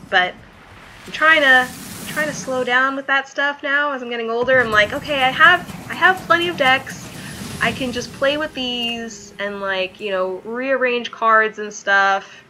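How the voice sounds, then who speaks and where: A young adult woman chatting casually and thinking out loud as she plays a card game. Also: mid-range voice, a little hiss or hum, poor audio. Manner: chatty, thinks aloud while playing. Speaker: streamer. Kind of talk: casual gameplay commentary.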